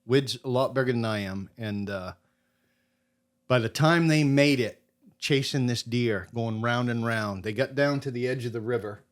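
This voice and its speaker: A middle-aged man from Maine, a podcast guest telling a casual hunting story in an animated way and acting out what people said. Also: mid-range voice, moderate pace. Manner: animated storyteller who acts out quotes.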